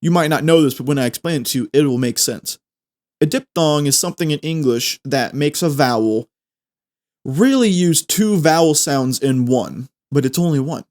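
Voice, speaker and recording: A young man, hosting a podcast and chatting casually through a language lesson, repeating phrases slowly as he explains. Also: a little high, lively intonation, darkish tone. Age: 20s. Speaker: podcast host.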